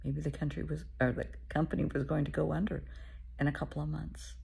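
A middle-aged woman therapist giving a motivational talk, speaking softly and often half-whispering, calling the listener honey. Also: low-pitched, flat delivery, brisk, vocal fry, breathy edge.

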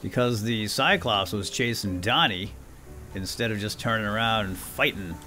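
A man hosting a gameplay video, muttering quietly to himself and then shouting with excitement. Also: on the low side, moderate pace, faint music behind. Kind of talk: excited let's-play commentary.

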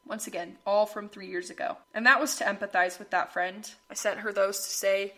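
A young woman speaks earnestly to her listeners, sharing her own struggles and reading from her past journals. Her voice is bright and clear. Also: mid-range voice, fairly even intonation, normal speed. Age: young adult. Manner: earnest, reading aloud from old journal entries. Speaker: podcast host. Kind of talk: personal reflective monologue.

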